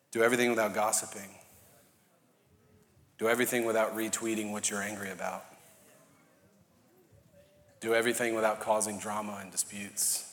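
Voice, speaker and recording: Bright-voiced preacher in a reverberant hall. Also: male voice, fairly low pitch. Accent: New Orleans Cajun. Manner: conversational, joking, building to shouting. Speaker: pastor. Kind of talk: sermon. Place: church auditorium.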